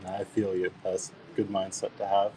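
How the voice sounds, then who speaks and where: Young male auction host, deep and even-toned, easygoing live-stream patter. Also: normal speed, a little hiss or hum. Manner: easygoing, describes coins and thanks bidders. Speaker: coin auction seller.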